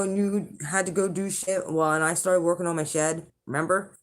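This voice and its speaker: A woman with a fairly low-pitched voice tells a rambling, chatty story to her viewers. She swears freely, restarts her sentences and laughs along the way. Her delivery is loose and conversational. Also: little pitch movement, brisk. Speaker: channel host, intuitive reader. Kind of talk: casual storytelling to the camera.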